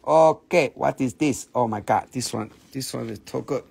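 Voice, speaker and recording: A man's voice: mid-range voice, moderate pace, gravelly, darkish tone, breathy edge. A man hosting a live rock sale stream, joking and swearing freely in non-native, broken English. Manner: joking, profane, playful. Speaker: host and rock seller.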